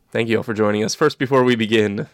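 A man's voice: on the low side, no echo, studio quality. A man hosting a casual podcast from home over a call, jokey and rambling, poking fun at himself. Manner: jokey, rambling, self-deprecating. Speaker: podcast host.

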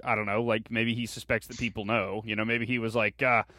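A man co-hosts a casual podcast with quick, teasing banter and plenty of swearing. His voice is bright and he talks at a rapid clip. The sound is dry and close. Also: fairly low pitch, flat delivery, no room sound. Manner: joking, profane, teasing. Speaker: co-host.

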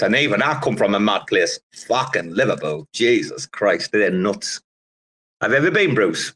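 A man's voice: on the low side, sing-song, moderate pace, fairly bright tone. A middle-aged man telling rambling, profanity-laced stories in a casual online audio chat.

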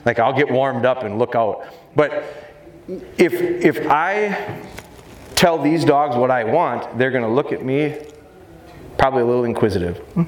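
Lively man giving a seminar in a roomy hall. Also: medium pitch. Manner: fast, lively, joking with the crowd. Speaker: dog trainer giving a seminar. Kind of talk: live seminar talk to an audience. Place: large expo hall. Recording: roomy live hall sound, faint noise.

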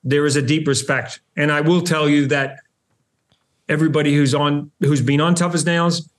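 A middle-aged man with a New Zealand accent, chatting as a podcast guest. His voice sits a little high for a man, and his talk is animated and full of restarts and quick laughs. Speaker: show host, podcast guest. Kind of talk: casual podcast interview.

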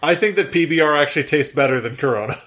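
A man co-hosting a podcast in casual chat, dry and deadpan with his jokes. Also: a little high, fast talker. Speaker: podcast co-host.

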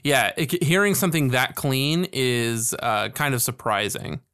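Man, 40s, podcast co-host, smooth tone, dry close sound, laid-back rambling chat. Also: medium pitch, unhurried, no room sound. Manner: relaxed, laughing, trailing off with fillers. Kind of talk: casual chat.

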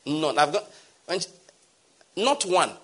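A middle-aged man preaching a sermon as pastor, animated, swinging from loud exclamations to soft asides. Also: a little high, slow.

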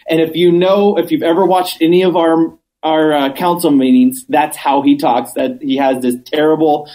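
A man chatting as a podcast guest, telling stories with animated, acted-out quotes and emphatic repetition. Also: a little high, moderate pace, poor audio. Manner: animated storyteller, acts out quotes; emphatic, repeats points. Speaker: cannabis business owner, guest. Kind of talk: casual interview chat.

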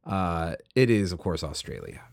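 A man's voice: low-pitched, normal speed, no room sound. A man co-hosting a history podcast, speaking with dry humor and playful formal phrasing. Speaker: podcast co-host. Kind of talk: casual podcast chat.

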